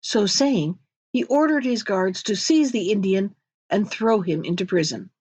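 A woman narrating a fairy tale in a measured, expressive storybook reading. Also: mid-range voice, breathy edge, no echo.

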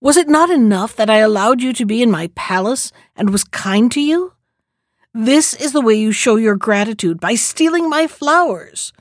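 A woman's voice: mid-range voice, expressive, moderate pace, darkish tone, no echo, clean studio sound, natural voice. A woman voicing an angry, stern male beast lord in a storybook reading, speaking in a grim, stern manner.

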